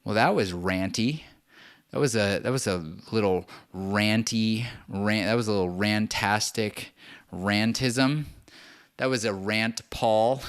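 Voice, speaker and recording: A man's voice: lowish voice, animated, measured pace, clear, resonant tone. A man hosting his own show, ranting in casual, profane, sarcastic commentary and laughing as he talks. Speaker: podcast host.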